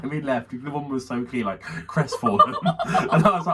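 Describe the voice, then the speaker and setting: Animated man telling a rambling story. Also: on the high side, fairly quick. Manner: animated, swears freely, mimics people in his stories. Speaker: podcast co-host. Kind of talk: casual storytelling chat. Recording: distant mic with faint background noise.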